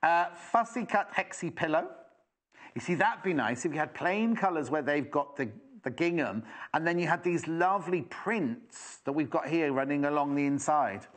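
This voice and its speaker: A man's voice: on the high side, lively intonation, moderate pace. A British man presenting live on a TV shopping channel, chatty and enthusiastic with rambling asides.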